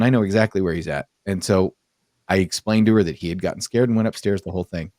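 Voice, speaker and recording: A man with a fairly low voice telling a long story in casual podcast chat, acting out the lines of the people in it. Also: fast talker, no room sound, studio quality. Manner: animated storyteller acting out his own dialogue. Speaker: podcast host.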